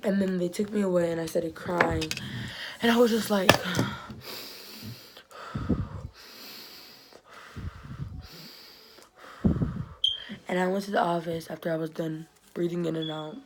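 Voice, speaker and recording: A woman's voice: fairly low pitch, fairly even intonation, slow pace, long pauses, noisy background. A teenage girl telling a storytime vlog in a chatty, slangy way, often dropping to a whisper. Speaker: vlogger.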